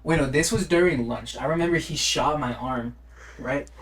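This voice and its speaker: A young man co-hosting a casual podcast. He drops in short agreeing replies and tells stories in an animated way. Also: medium pitch, normal speed, a little hiss or hum. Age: young adult. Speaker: podcast co-host. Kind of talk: casual chat.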